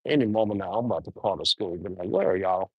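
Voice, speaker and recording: A man's voice: low voice, racing, breathy edge, dry recording, phone-quality sound. Wry grumbling man on a dry live stream. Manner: wry, grumbling, talks to himself. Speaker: livestreamer. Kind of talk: casual live-stream chat. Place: outdoors at a zoo.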